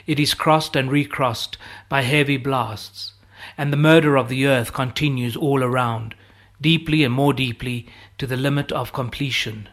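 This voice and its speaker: A man narrating a literary audiobook in a measured, steady way. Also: mid-range voice. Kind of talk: scripted narration.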